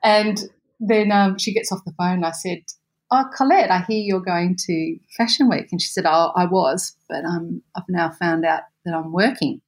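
Animated woman telling a story. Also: lowish voice, normal speed. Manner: animated, acts out quoted voices, laughs often. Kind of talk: casual storytelling.

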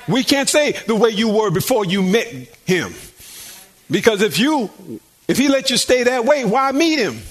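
A man's voice: very high voice, fairly bright tone. Fervent, folksy older man preaching. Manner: folksy, conversational preaching with repetitions and rising fervor. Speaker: pastor. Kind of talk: sermon.

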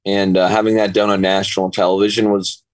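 Low-voiced man telling a rambling story. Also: little pitch movement, a little fast, no room sound. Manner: laid-back, rambling, chuckles often. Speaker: podcast guest. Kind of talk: casual storytelling chat.

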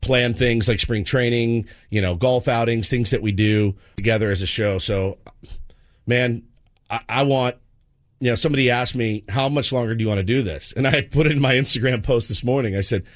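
A radio sports host in his forties speaks on air into a studio microphone, earnest and emotional, with many restarts as he delivers heartfelt talk. His voice is medium-pitched at a moderate pace, and the clean studio sound has no echo.

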